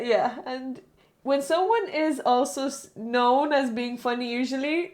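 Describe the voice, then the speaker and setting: Woman streaming live, talks to chat in a loose rambly way, keeps cutting herself off, voice a bit on the high side. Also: a little slow, a little mellow. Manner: rambling and self-interrupting, chatting with viewers.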